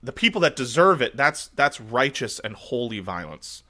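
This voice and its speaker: A man with a bright, forceful mid-pitched voice, co-hosting a casual podcast. He rants at length, piles on profanity, and slips into mocking sarcasm to make his point. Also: very animated, moderate pace. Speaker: podcast co-host. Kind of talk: casual political chat.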